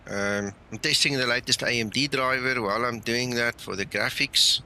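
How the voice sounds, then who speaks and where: A man's voice: mid-range voice, moderate pace, sharp tone, a little hiss or hum. A man casually chatting to viewers on a flight sim live stream, rambling with fillers and sounding tired late at night. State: tired, yawning.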